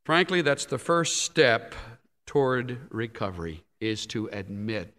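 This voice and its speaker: Slow, emphatic preacher in a reverberant hall. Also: male voice, big pitch swings. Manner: emphatic, swinging widely in loudness and pitch. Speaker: pastor. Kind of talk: sermon.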